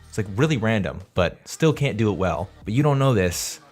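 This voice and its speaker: A man's voice: on the low side, big pitch swings, a little fast, few pauses. A man recording a heartfelt birthday message for a coworker, telling a candid story with some swearing.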